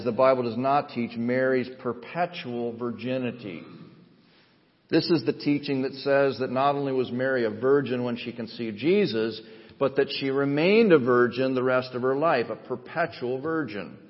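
A man delivers a sermon with measured, earnest phrasing and voice pitched in the middle range. His words ring out with a long hall reverb, and the sound is slightly dull. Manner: measured, earnest preaching with emphatic rises. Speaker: pastor. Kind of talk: sermon with scripture reading.

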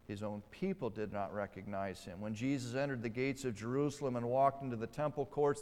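A man preaching a sermon, stressing key words and putting rhetorical questions to his listeners. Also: medium pitch. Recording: long hall reverb.

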